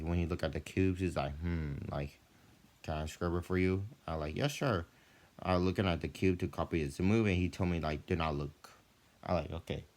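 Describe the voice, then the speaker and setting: Low-voiced young man rambling chattily. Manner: loose and chatty, full of "like" and "you know"; often animated, with jumps in pitch and volume when retelling. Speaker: student vlogger. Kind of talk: rambling casual storytelling.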